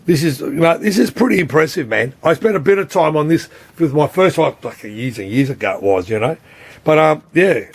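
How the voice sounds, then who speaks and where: A man with a slightly high voice rambles through a repair explanation. He is blunt, swears freely and keeps checking that you follow him. The sound is close and dry, with no room echo. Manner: rambling and repetitive, often says "you know what I mean". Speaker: repair technician.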